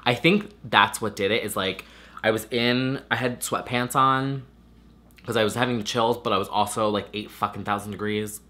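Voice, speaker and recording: A young male vlogger with a nasal voice chats casually while recovering from a swollen throat, swearing a lot and leaning heavily on "like" as a filler. His pitch is fairly low and his tone steady, bright and forceful, at a normal speed.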